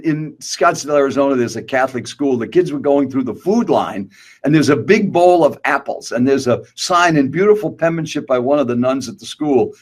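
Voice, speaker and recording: An older man teaching public speaking, emphatic and direct, asking rhetorical questions. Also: fairly high pitch. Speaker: guest speaker. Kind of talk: motivational speaking coaching.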